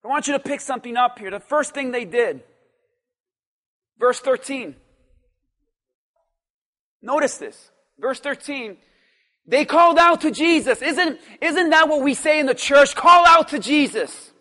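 A man preaching a sermon as pastor, emphatic and repetitive, swinging from quiet talk to shouted lines. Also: very high-pitched, measured pace, long pauses, in a large hall. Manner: repeats phrases for stress.

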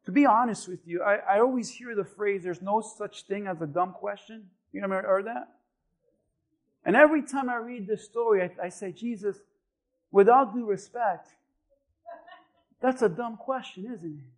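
A man preaching a sermon as pastor, building to shouted refrains and acting out voices. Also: high voice, normal speed. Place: church.

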